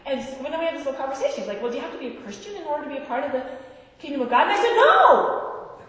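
A woman giving a storytelling sermon in a relaxed conversational way, laughing at times and rising in emphasis. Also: high voice, racing. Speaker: pastor. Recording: roomy hall from far off.

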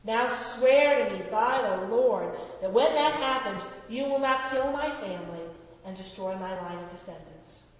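A humbled older king speaks with remorse, slow and wavering, as a woman voices him. The voice sits fairly high and carries a long, echoing hall reverb. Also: animated. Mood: remorseful.

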